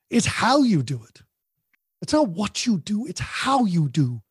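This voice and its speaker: A middle-aged man hosts a parenting podcast in an animated, conversational way. His voice is husky and sits a little high for a man. The recording is dry and close. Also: unhurried, no echo. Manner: animated, acts out parent voices, repeats words.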